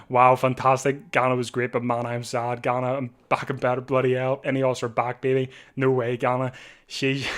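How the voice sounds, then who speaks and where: Calling a bike race for a livestream watch-along, this mid-range-voiced male host speaks fast and out of breath through a desk mic. Nearing the finish, he keeps repeating himself and climbs into full shouts.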